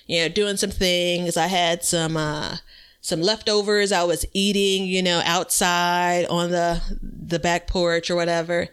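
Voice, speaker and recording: A woman's voice: fairly low pitch, a bit bright, clear, resonant tone. A woman co-hosting a podcast, telling a rambling story in casual chat and laughing often. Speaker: podcast co-host.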